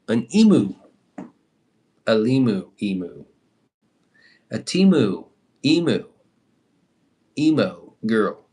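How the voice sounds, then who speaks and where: A young man chatting loosely on a livestream, swearing now and then and answering viewer comments. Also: mid-range voice. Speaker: livestream host. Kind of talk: casual livestream chat.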